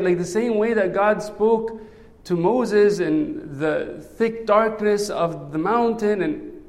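A man preaching a sermon in a conversational way, often checking in with "right?". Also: high-pitched. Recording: long hall reverb.

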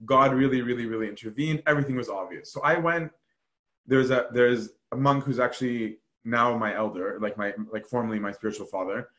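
A man with a mid-range voice and a brisk pace casually tells stories about a monastery. His storytelling is animated, full of fillers, and he acts out the voices he quotes.

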